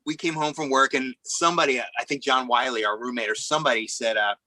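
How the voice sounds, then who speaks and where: A man, a musician guest, casually telling animated anecdotes and acting out the voices of people in them. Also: medium pitch, fast talker, no echo, rough recording. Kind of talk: casual storytelling chat.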